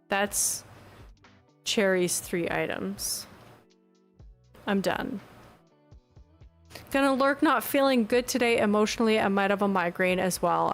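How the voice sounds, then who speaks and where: A woman streaming a video game, chatting casually with her viewers and reacting brightly to the game. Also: mid-range voice. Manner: chatty and bubbly, reads out chat messages. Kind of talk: casual live-stream chat.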